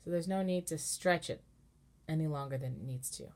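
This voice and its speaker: A woman cantor giving a relaxed, patient lesson on chanting, explaining step by step and singing short chanted examples. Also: deep voice, brisk. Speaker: cantor teaching Torah chanting. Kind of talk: informal online lesson with sung examples.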